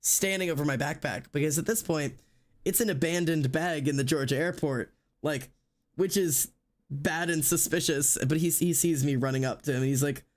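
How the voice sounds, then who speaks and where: A man streaming live tells a story in loose, casual chat, his voice sitting a little high for a man. He rambles with plenty of fillers and restarts, and he slips into the voices of the people in his story. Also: moderate pace. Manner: rambling, filler-heavy, acts out quotes.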